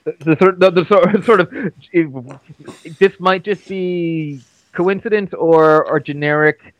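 A man's voice: a little high, no room sound, rough recording. Dry-witted young man, close and dry. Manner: dry jokes, quick quips, stammering restarts. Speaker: podcast co-host. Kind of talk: casual movie chat.

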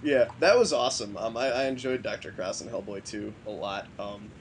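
A man co-hosting a casual chat about comics, recounting a story loosely with many "like"s and pauses. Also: on the low side, slight background noise.

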